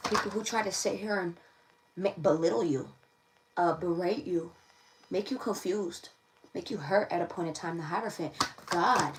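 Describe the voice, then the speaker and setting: A woman's voice: fairly low pitch, heavy background noise. A woman giving a casual livestream tarot reading, chatty, often repeating her phrases and laughing. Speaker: tarot reader. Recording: voice a bit distant from the mic.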